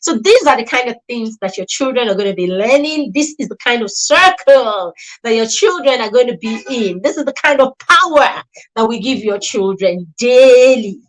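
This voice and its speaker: A woman's voice: on the high side, lively intonation, normal speed, rough recording. A woman hosting and promoting a children's mentorship program, talking in an emphatic, persuasive way and repeating her key points. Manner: emphatic and repetitive, stressing key words.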